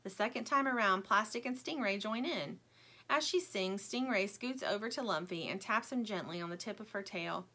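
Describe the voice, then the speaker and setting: A woman reading a children's storybook aloud in a gentle storytelling manner. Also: mid-range voice, moderate pace. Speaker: storybook reader.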